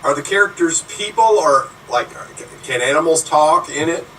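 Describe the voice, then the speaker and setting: A man playing a guessing game, unsure and filling pauses with "um". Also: on the high side, expressive, a bit bright. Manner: unsure, many "um"s. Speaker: contestant. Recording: distant mic, faint noise.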